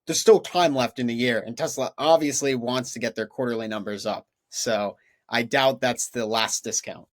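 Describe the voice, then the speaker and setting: Male co-host, easygoing, mid-pitched, asks plenty of questions. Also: moderate pace. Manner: easygoing, asks questions while walking through listings. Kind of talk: casual interview chat.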